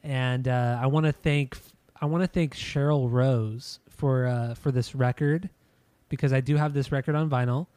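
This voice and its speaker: A man's voice: mid-range voice, steady tone, normal speed, a little mellow, smooth, no echo. A man hosting a casual podcast, rambling and repeating himself as he wraps up an album review. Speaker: podcast host.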